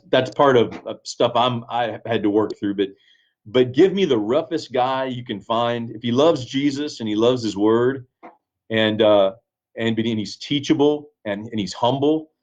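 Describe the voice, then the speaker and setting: A man's voice: mid-range voice, a little mellow. Man in casual talk, earnest, keeps restarting, kinda lo-fi sound. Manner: earnest, reflective, with frequent restarts. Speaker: pastor, guest. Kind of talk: casual conversation, storytelling.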